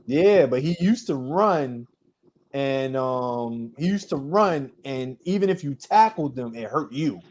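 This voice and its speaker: A man's voice: medium pitch, expressive, slow, a little mellow. A man co-hosting a sports podcast, chatting casually about football picks, rambling with frequent restarts. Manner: rambling, restarts often, trails off with ums. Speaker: podcast co-host.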